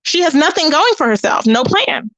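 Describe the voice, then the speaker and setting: A woman's voice: sits high, very animated, moderate pace, a bit bright, no echo. A woman hosting a casual livestream, reading chat comments and gossiping straight to her viewers. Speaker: channel host.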